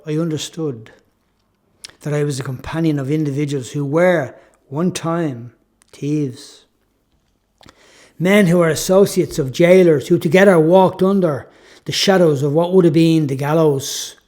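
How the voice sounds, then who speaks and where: A man's voice: fairly high pitch, measured pace, darkish tone. A man reading his own story aloud as a reflective, first-person audiobook narration.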